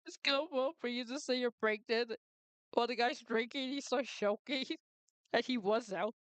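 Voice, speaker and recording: High-voiced young woman streamer, casual. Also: normal speed, no room sound. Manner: casual, joking asides. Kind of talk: reading fan fiction aloud on stream.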